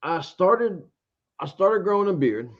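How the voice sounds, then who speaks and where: A man's voice: high voice, expressive, unhurried. Laid-back man telling a story. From Georgia, US. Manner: rambling storyteller, acts out his own past thoughts. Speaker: interview guest, beard reviewer. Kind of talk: casual interview chat. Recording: dull lo-fi sound.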